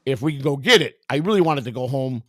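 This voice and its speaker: A man's voice: mid-range voice, lively intonation, quick pace, a bit bright, no echo, studio quality. An older man candidly telling his life story in conversation, blunt and profane, rambling with restarts and quoted dialogue. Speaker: guest.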